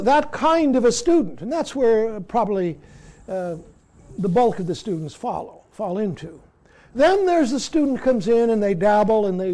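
A man giving a Zen dharma talk as the teacher, halting and dropping "see?" after many points. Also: sits high, warm tone.

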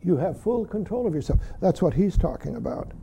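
A man's voice: high voice, big pitch swings, brisk, gravelly, warm tone, slightly rough. A man giving a dharma talk as a Zen teacher, blunt and teasing, who laughs readily and keeps saying "see".

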